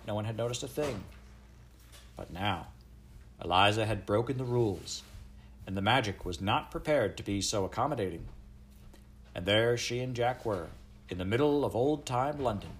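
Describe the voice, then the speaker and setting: A man's voice: lowish voice, slightly rough. A man reading a children's novel aloud, expressively giving voice to each child's lines. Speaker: audiobook narrator. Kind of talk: storybook read-aloud.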